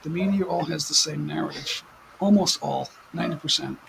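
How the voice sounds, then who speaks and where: An American man chats loosely on his home livestream, his voice deeply gravelly and sitting slightly high for a man. He rambles, stops and restarts, and fills gaps with "um" and "uh". A faint hiss of room ambience sits behind him, and he is a little distant from the mic. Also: fairly bright tone. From United States. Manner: rambling, halting with many fillers and restarts. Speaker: livestream host. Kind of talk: casual livestream chat. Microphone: desk mic at some distance.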